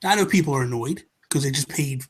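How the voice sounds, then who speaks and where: A man's voice: medium pitch, fast, husky. An American man co-hosting a podcast, telling a story in a casual chat and acting out the people in it. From United States. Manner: animated storyteller, acts out the people in his story. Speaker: podcast co-host.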